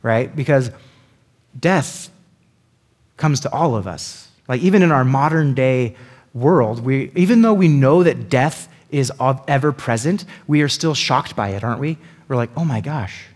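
A man teaching a Bible passage in a relaxed, chatty way. His pitch sits in the middle for a man, and he keeps tossing quick asides to his listeners. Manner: chatty, lots of "like" and "right?" asides.

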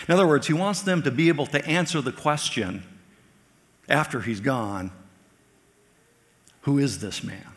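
A man preaching in a church, his voice at an ordinary middle pitch. The sound rings with the long reverb of a large hall, and he gets animated whenever he acts out quoted lines. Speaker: pastor. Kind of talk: sermon.

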